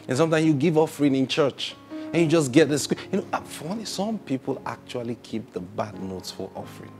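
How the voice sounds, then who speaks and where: A male pastor preaching a sermon, swinging between loud emphatic bursts and soft near-whispers. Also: mid-range voice.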